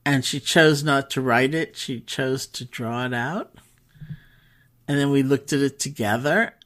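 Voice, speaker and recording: A woman meditation teacher telling stories in a relaxed, conversational talk, with pauses and fillers. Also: a bass voice. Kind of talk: storytelling talk.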